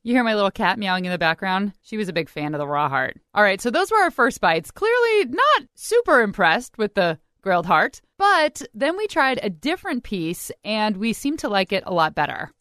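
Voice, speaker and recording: A woman narrating a cooking vlog in a chatty, relaxed storytelling voice-over. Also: medium pitch, normal speed, few pauses, dry recording, studio quality.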